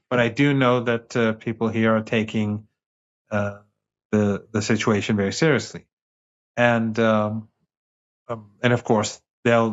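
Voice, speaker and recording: Male professor guest, deeper voice, emphatic and repetitive, heard over muffled lo-fi call audio. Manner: emphatic, repeats phrases while building a point. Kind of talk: remote interview commentary.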